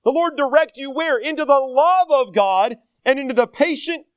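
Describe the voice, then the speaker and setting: A man's voice: very high-pitched, normal speed, no room sound. An older man preaching a sermon as pastor, folksy and self-deprecating, asking the congregation rhetorical questions.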